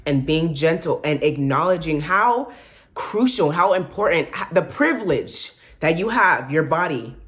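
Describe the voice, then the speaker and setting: Young woman vlogger, slightly low voice, candid and slangy, encouraging pep-talk delivery to camera. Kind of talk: casual motivational talk to camera.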